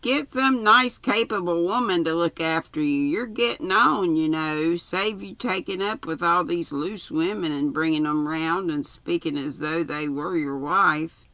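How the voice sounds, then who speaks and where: Granny putting on a bossy bedridden old aunt, gravelly and bright, slow and snappy. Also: female voice, lowish voice, no room sound. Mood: imperious. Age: older. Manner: haughty and scolding. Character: cantankerous bedridden old aunt, sharp-tongued, imperious. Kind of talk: storybook reading.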